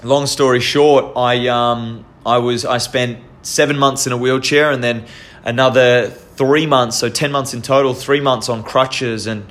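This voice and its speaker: Young Australian man, casual storyteller, earnest, halting, lots of restarts. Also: mid-range voice, steady tone, a bit bright.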